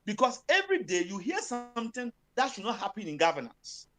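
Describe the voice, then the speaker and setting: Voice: mid-range voice, huge pitch swings, a little fast, pushed and bright, faint music behind. A speaker with a Ghanaian accent giving impassioned political commentary, switching between Twi and English with many fillers and emphatic bursts.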